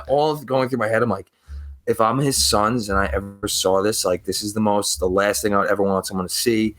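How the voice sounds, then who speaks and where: A man's voice: lowish voice, steady tone, brisk, fairly bright tone. A young man, telling profane, rambling stories on a podcast and acting out the people in them. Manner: profane, rambling, acts out quoted voices. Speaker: podcast co-host. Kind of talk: casual storytelling.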